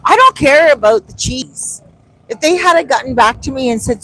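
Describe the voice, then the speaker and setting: A woman vlogger talks casually into a phone outdoors, her voice a little on the high side. She tells stories with lively energy and slips into quoted voices as she goes. Faint traffic hums behind her. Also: moderate pace, poor audio. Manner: animated storytelling, acting out quoted exchanges. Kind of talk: casual chat. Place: outdoors on a street.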